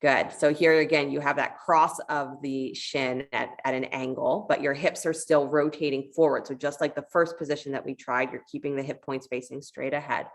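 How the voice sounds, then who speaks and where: A woman leads a yoga class in a low, gravelly voice. She talks with calm encouragement, weaving gentle cues between the poses and a story she tells. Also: moderate pace, hardly any pauses. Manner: calm, encouraging cueing with a parable told in between. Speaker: yoga teacher.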